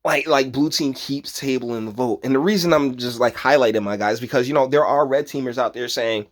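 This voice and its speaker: A man's voice: mid-range voice, a little fast. A man hosting his own channel, reading news articles and ranting about them in a rambling, profane, sarcastic way, breaking into laughter often. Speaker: channel host. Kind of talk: casual news commentary rant.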